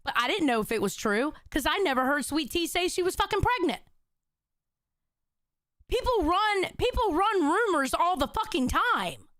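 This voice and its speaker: A woman hosts a livestream, swearing freely and reading out chat messages. Her voice sits very high and bright, with lively swings in pitch. The mic is close and dry. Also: moderate pace, dry recording. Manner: loud, profane, reads out chat messages. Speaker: livestream host.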